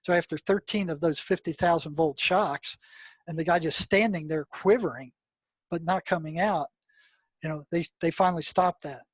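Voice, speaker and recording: A man's voice: on the high side, normal speed, no echo. An older man, a retired mental health practitioner, telling stories emphatically as an interview guest, with frequent fillers. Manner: emphatic storyteller, many "I mean" and "you know" fillers. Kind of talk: storytelling interview talk.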